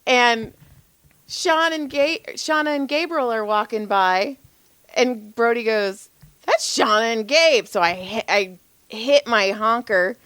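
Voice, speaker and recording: A woman's voice: a little high, slow, smooth, dry recording. A middle-aged woman co-hosting a podcast, telling stories in casual chat with plenty of swearing and acted-out quotes. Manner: swears a lot, animated storytelling with acted-out quotes. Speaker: podcast co-host.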